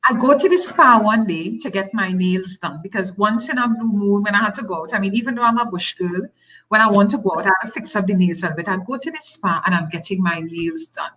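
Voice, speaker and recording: A middle-aged woman with a Tobagonian accent speaks in a mid-range voice, a little fast, on a rough recording. She's a talk show guest telling a personal story, animated and emphatic, repeating phrases for effect.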